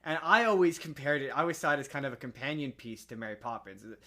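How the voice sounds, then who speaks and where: A man's voice: medium pitch, expressive, fast, pushed and bright. A man co-hosting a podcast, chatting casually about movies with jokey asides. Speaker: podcast co-host. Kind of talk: casual chat.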